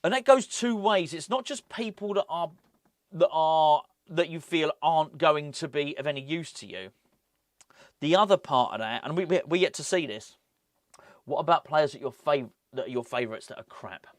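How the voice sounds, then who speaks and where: A man hosting a casual football vlog, rambling and animated, often breaking off with laughs. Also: fairly high pitch, moderate pace, dry recording, clean studio sound. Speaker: football fan channel host.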